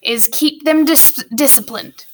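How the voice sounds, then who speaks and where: A woman voicing a grumpy, cruel middle-aged male orphanage schoolmaster who speaks slowly and gruffly. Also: high-pitched, a little hiss or hum, pitched above the performer's own voice.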